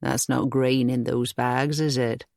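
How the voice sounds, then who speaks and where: Narrator doing a slow gruff old cottager. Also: medium pitch, little pitch movement, a little mellow, no room sound, studio quality, voice pushed down. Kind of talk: audiobook character voice.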